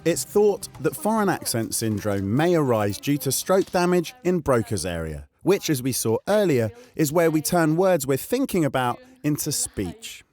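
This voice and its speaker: A man hosting and narrating a science documentary in scripted voice-over with an expressive, rising and falling delivery. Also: on the high side, moderate pace, hardly any pauses. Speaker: host and narrator. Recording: voice-over over background music.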